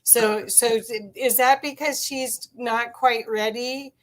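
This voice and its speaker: Female interviewer, casual and hesitant, fairly high pitch, fumbles for words. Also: fairly even intonation, slow pace. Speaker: host, interviewer.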